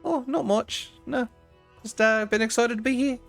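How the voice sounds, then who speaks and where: A man voicing a cheerful, excitable young male tiefling student in a tabletop game. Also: extremely high pitch, normal speed, creaky, faint music behind, pitched above the performer's own voice. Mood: chipper. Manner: chipper, eager, chatty.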